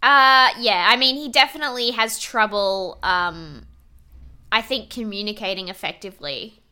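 Bright-voiced woman chatting casually. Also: mid-range voice, moderate pace, clear, resonant tone. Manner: chatty, laughs often, swears freely. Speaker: podcast co-host. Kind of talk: casual recap chat about a reality show.

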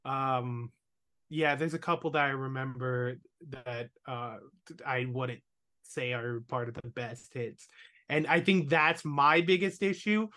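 A man's voice: medium pitch, fairly even intonation, takes it slowly, bright, forceful tone. A man hosting a podcast, chatting casually about episodes with many ums and casual swearing. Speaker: podcast host. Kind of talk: casual chat.

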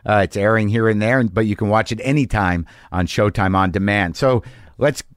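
A man's voice: on the low side, normal speed, no room sound, studio quality. A man hosting a podcast, telling a story in a casual, profane, worked-up monologue. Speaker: podcast host.

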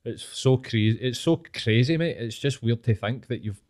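Laughing frequently and swearing casually, a podcast host in his late thirties shares stories from his school days. He's from Glasgow, with a mid-range, slightly mellow voice and a moderate pace.

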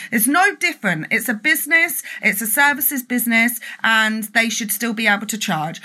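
A woman talks to her online business group over a live video, her voice bright and sitting a little high. She is passionate and emphatic, swearing freely as she urges people to keep working. It sounds like a phone or webcam mic. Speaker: entrepreneur and business mentor.

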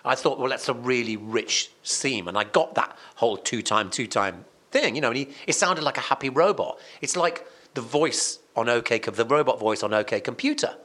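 A man, a radio presenter and songwriter guesting on a podcast, telling a story in an animated, emphatic way, restarting and repeating himself often. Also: mid-range voice, moderate pace, few pauses. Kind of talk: casual conversational storytelling.

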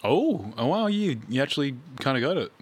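A woman with a very deep, low voice listening along on a podcast. She breaks in with short casual reactions and quick comments. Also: sing-song, breathy edge. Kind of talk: casual chat.

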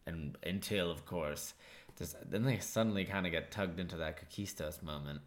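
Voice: deep voice, normal speed. A person chatting casually on a podcast, hesitant, with lots of ums and uhs. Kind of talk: casual chat.

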